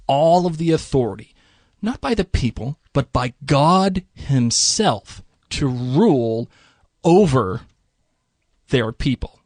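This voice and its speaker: A man co-hosting a podcast talks through history in a relaxed, joking manner. His voice sits a bit high for a man. The sound is dry and close, with no room around it. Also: dry recording. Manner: chatty, lively, slips into mock voices for laughs. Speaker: podcast co-host. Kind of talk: casual history explainer.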